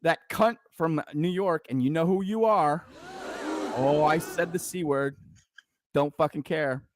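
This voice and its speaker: A middle-aged veteran man hosting a casual podcast, ranting in a heated, profane, half-shouting way. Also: on the high side, a little slow, dry recording.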